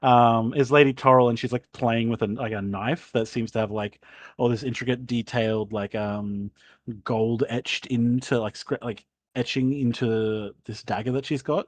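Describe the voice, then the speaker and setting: A man running a tabletop game, narrating in a loose, rambling way full of fillers. His voice is mid-pitched and the recording is dry and close. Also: steady tone, moderate pace, no echo. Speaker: game master.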